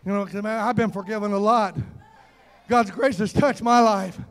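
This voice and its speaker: A man preaching a fervent sermon, calling out to the congregation and often shouting. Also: high-pitched, steady tone, normal speed. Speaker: pastor.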